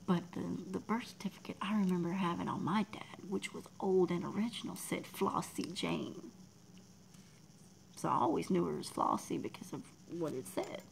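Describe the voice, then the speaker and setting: A woman's voice: on the low side, moderate pace, creaky, a little hiss or hum, low-quality recording. A Texan woman from Texas chatting casually with her livestream viewers, rambling, reading the chat aloud and laughing often. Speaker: livestream artist.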